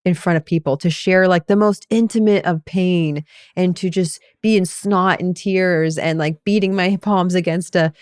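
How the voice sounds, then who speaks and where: Low-voiced woman telling a personal story. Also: fairly even intonation, moderate pace, darkish tone, dry recording, studio quality. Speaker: podcast co-host and meditation coach. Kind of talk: casual podcast conversation.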